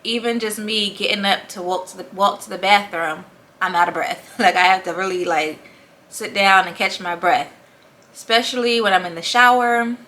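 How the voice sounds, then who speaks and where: A woman's voice: medium pitch, fairly even intonation, normal speed, bright, forceful tone. A young woman chatting casually in a vlog, short of breath and laughing often between thoughts. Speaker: vlogger. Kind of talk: casual pregnancy update vlog.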